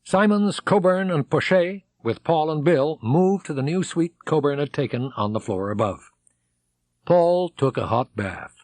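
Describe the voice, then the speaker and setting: A man reading an audiobook aloud, dramatic, voicing characters and shouting their excited lines. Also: on the high side, a little slow, dry recording. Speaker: audiobook narrator.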